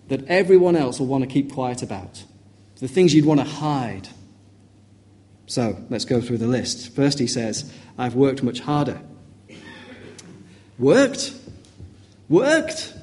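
A man's voice: mid-range voice, darkish tone. A man preaching an expository sermon, reading scripture aloud with emphatic rising questions.

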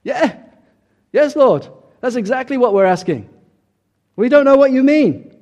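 A man voicing a group of confused male disciples, raising his voice high and pleading. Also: animated, measured pace, darkish tone, lo-fi sound, heavily acted. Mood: bewildered.

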